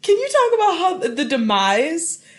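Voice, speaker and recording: Lively high-voiced young woman host. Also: normal speed. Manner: giggly, animated storytelling. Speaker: podcast host. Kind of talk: casual chat.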